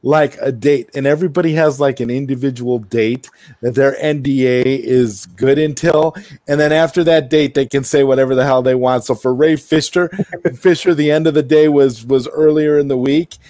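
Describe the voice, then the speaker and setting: A man co-hosting a casual podcast, musing out loud. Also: mid-range voice, steady tone, moderate pace, dry recording. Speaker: podcast co-host. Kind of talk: casual chat.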